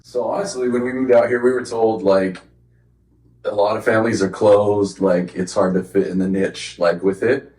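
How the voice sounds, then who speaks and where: Low-voiced male guest; laid-back chat full of fillers, roomy sound. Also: moderate pace. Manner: relaxed, filler-heavy talk. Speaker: guest optometrist. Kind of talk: casual chat.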